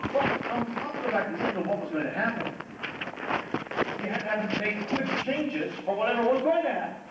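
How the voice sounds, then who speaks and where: A man's voice: high voice, lively intonation, a little fast. A man who is a convention guest, telling a story on stage to an audience. He rambles, jokes and restarts often. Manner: rambling, joking, many restarts. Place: large convention hall. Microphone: home video camera in the audience. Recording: muffled echoey hall from far off. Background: noisy audience.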